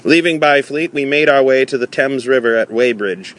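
A man reads a novel aloud at a measured pace, now and then stumbling and restarting a phrase. His voice sits at an ordinary middle pitch. Faint traffic and street sounds linger in the background. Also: fairly bright tone. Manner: measured, with small slips and restarts. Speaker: audiobook reader.

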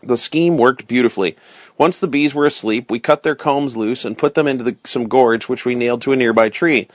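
Male storyteller, first-person read-aloud, steady and clear, dry close recording. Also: medium pitch, fairly quick, no room sound. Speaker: narrator.

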